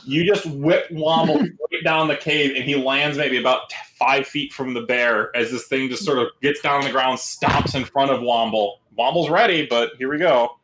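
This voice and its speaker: A man's voice: medium pitch, moderate pace, few pauses, background noise. Man narrating as game master, echoey room. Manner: relaxed, loose descriptive narration with fillers.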